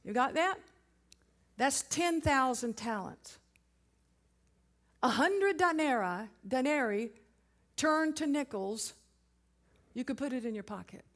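A woman's voice: high voice, lively intonation, takes it slowly, pauses often. A woman preaching a sermon, emphatic and asking the congregation rhetorical questions.

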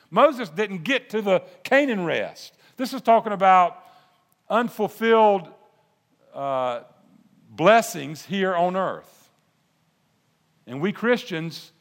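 Folksy preacher in a reverberant hall. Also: male voice, high-pitched. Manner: folksy, animated preaching with restarts and asides. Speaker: pastor. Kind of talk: sermon.

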